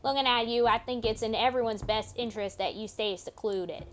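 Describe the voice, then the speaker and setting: A cold, clipped female elf soldier from a visual novel, put on by a woman reading it aloud. She drags out her words in a slow, awkward put-on accent, sitting a little higher than the reader's own voice, with faint noise behind her. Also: lightly acted. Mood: blunt.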